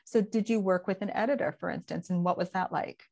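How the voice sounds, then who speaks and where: A woman host asking interview questions in a measured, encouraging way. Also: mid-range voice, vocal fry, a little mellow. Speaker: podcast host.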